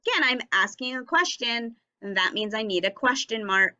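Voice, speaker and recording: A woman teaching a recorded phonics and punctuation lesson for young children, speaking slowly and enunciating each word and sound clearly. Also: fairly high pitch, lively intonation, pushed and bright, lo-fi sound.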